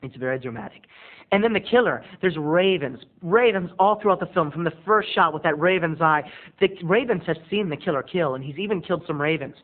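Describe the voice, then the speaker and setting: A man giving a casual, animated, campy movie review as a video blogger. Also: on the high side, a little fast. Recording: tinny lo-fi recording.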